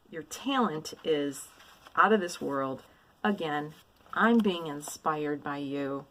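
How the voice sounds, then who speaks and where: A woman's voice: lowish voice, gravelly, low-quality recording. A woman vlogging casually about a stitching haul, gushing with repeated praise and frequent ums while showing items. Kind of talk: casual show-and-tell of a mail haul.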